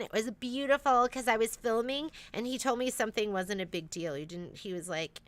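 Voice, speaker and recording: A woman's voice: fairly high pitch, normal speed, hardly any pauses, pushed and bright, no echo. A woman hosting a casual store livestream, chatting in a rambling way with lots of fillers and restarts.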